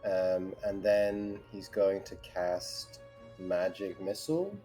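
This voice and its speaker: A man's voice: low voice, little pitch movement, takes it slowly, warm tone, faint music behind. A man playing a tabletop game, talking hesitantly with many ums. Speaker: player. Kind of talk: casual tabletop play.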